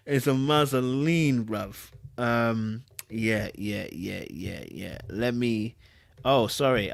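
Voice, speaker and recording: A young man hosting a casual livestream, reading comments from his chat. He talks in slang, gets excitable and laughs often. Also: mid-range voice, unhurried, creaky, no room sound, studio quality. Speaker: livestream host.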